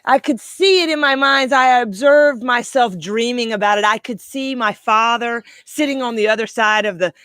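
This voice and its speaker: A middle-aged woman life coach giving a heartfelt, reflective monologue, slowing down for emphasis. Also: a little high, a bit bright, no echo. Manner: heartfelt, slow and emphatic in places. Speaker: life coach, podcast host.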